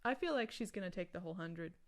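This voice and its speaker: A woman's voice: on the low side, expressive, fast talker. A woman in casual podcast chat about a film, rambling with many restarts and asides.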